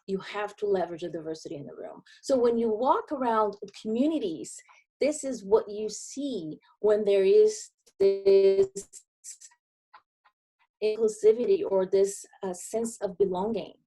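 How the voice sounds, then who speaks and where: A woman with a Brazilian accent delivers a presentation as a consultant, earnest and emphatic. Her voice sits in a middle range with a warm, mellow tone. She pauses between phrases to stress her points. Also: mid-range voice, sing-song, gravelly, breathy edge. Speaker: diversity and inclusion consultant. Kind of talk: presentation talk.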